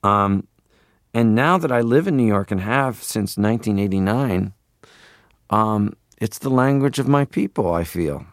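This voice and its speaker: A man's voice: lowish voice, expressive, measured pace, no room sound, studio quality. A man in his forties from Canada, a radio interview guest who talks in a playful, rambling way and keeps slipping into voices. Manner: playful, rambling, drops into voices and foreign phrases.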